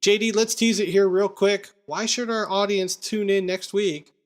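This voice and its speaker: A man's voice: high-pitched, fairly even intonation, normal speed. A man co-hosting a movie podcast, casually recapping scenes and chatting with his co-host. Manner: recaps scenes, acts out quotes. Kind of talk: casual movie review chat.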